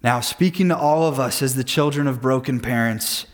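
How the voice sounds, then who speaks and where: A man's voice: medium pitch, moderate pace. A man in his thirties, a men's group leader, giving an earnest devotional talk full of personal stories. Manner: earnest storytelling with personal anecdotes.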